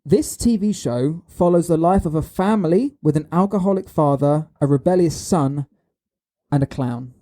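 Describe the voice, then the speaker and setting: A man's voice: on the high side, normal speed, dark tone. A man hosting a podcast, running a casual guessing game with lots of ums and laughs. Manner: laughs often, hedges with ums. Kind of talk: casual chat.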